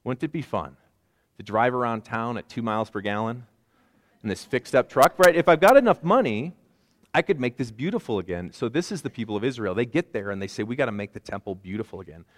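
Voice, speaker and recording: A man's voice: mid-range voice, lively intonation, fast, big-room sound. A man in his forties preaching a conversational sermon with self-deprecating asides. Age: 40s. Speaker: pastor.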